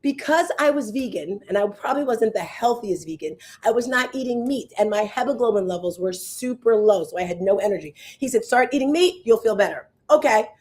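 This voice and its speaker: A woman in her fifties hosting a show as a fitness coach, chatting casually and telling animated stories to her viewers. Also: on the high side, brisk, hardly any pauses. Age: 50s. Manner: animated storyteller, acts out voices and exclamations.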